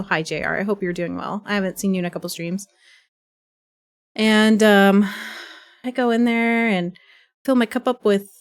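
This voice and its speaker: A young woman livestreaming, telling a chaotic story in a rambling, profane, animated way, with a stuffy nose from sneezing. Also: medium pitch. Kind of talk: casual chat.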